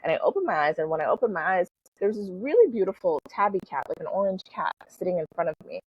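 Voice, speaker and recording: Middle-aged woman guest, chatty storyteller, husky, dry, slightly dull lo-fi recording. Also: on the low side, lively intonation, quick pace, dry recording. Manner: chatty, full of "like" and "you know", laughs easily. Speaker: podcast guest, spiritual coach. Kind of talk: casual storytelling in an interview.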